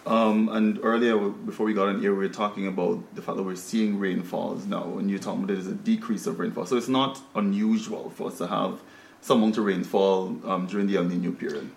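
A Guyanese man hosts a panel discussion in a low-pitched voice, speaking conversationally with many "um"s and restarts. The sound comes through an echoey studio room. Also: steady tone, a little fast, vocal fry. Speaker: talk show host.

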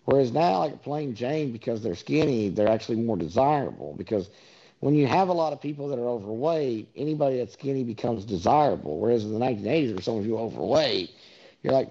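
Man, rambling storyteller, gravelly voice, muffled lo-fi sound. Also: mid-range voice, lively intonation, fast, dark tone. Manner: rambling storyteller, many fillers, profane asides. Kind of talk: casual rambling monologue. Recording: dull lo-fi recording.

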